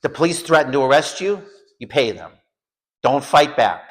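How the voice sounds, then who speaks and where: Animated American man telling a story. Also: mid-range voice, moderate pace. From United States. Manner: animated storyteller, acts out shouted quotes. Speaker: home school teacher. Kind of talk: lecture with personal story.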